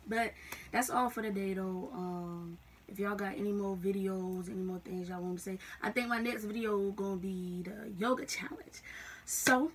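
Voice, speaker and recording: A woman's voice: medium pitch, unhurried, slightly rough. Chatty Southern woman, distant mic. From Southern United States. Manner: chatty, slangy, emphatic. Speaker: vlogger. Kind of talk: casual talk to camera.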